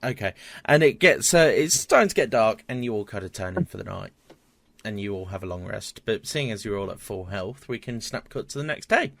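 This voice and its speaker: A man's voice: lowish voice, expressive, a little fast, creaky, fairly bright tone. A man narrating a tabletop game as game master, stumbling over fillers and repeated words.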